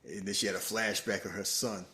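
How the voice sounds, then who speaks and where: A man's voice: fairly low pitch, fairly quick. A man co-hosting a podcast, chatting casually about a movie in profane slang and acting out the characters as he retells scenes. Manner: animated storytelling, profane slang, acts out characters. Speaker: podcast co-host. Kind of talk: casual movie reaction chat.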